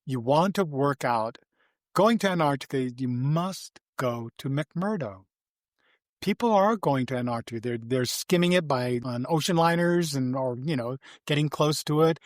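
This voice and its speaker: An older man sits as a podcast guest and spins animated, rambling anecdotes, circling back and restarting his sentences. His voice sits at an ordinary pitch. The sound is close and dry, with no room around it. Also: moderate pace, no room sound. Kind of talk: casual interview storytelling.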